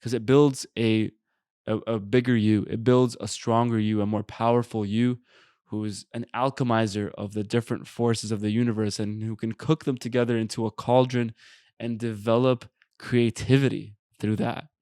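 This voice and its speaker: A man's voice: fairly low pitch, level tone, moderate pace, dark tone, clear, resonant tone, no room sound, clean studio sound. A man hosting a solo spiritual podcast, rambling earnestly with lots of fillers and casual swearing. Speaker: podcast host.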